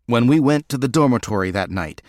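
A man narrating a first-person novel in a measured, reflective way. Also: mid-range voice, lively intonation, a little mellow, dry recording, clean studio sound. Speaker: audiobook narrator.

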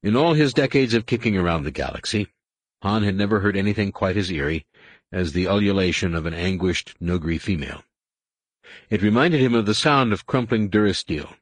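A man reading a science fiction novel aloud in measured, dramatic scripted narration. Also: low voice, animated, no room sound. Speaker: audiobook narrator.

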